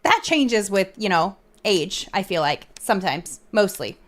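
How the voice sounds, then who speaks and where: A woman's voice: medium pitch, sing-song, a little slow. A woman streamer chatting casually in a rambling way, full of fillers and restarts.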